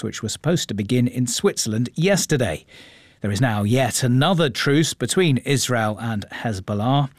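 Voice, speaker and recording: A man presenting a radio news programme from a studio in a measured, clear manner. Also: medium pitch, no echo. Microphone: studio microphone.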